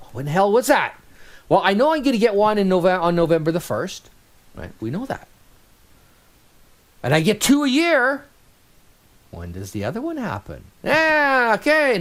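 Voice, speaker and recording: Middle-aged male instructor, lively up-and-down delivery, chatty, keeps checking in with the class. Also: fairly high pitch. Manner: animated, conversational, thinks aloud with rhetorical checks. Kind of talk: recorded finance lecture.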